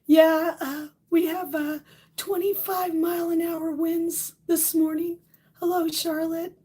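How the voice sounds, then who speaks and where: A woman hosting a casual morning live stream, hoarse and losing her voice from a cold, chatting and laughing at how she sounds while greeting viewers by name. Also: very high voice, level tone, slow pace, dark tone. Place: home on a windy ridge.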